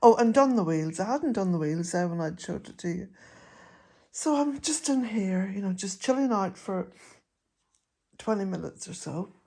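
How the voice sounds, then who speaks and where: An older woman, chatting to camera in a gentle, rambling way and chuckling often. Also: mid-range voice, expressive, normal speed, creaky. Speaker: vlogger. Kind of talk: casual chat to camera.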